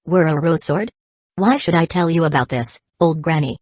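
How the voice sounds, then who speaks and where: A woman's synthetic voice voicing a quick-tempered, threatening male pirate emperor in a storybook reading. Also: low-pitched, animated, darkish tone, no room sound, studio quality. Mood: angry scornful.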